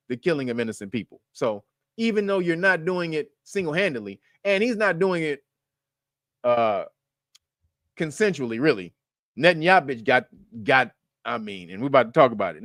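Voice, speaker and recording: A man's voice: on the high side, very animated, moderate pace, fairly bright tone, no room sound, clean studio sound. A man hosting a casual commentary show, talking bluntly and profanely, laughing often and rambling with restarts.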